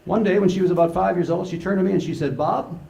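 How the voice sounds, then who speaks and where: An older man giving a humorous keynote to a conference audience, an animated storyteller who acts out the dialogue. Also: high voice, rapid-fire, creaky, highs cut off, noisy background. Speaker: conference speaker. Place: large conference hall with live audience. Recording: echoey conference hall.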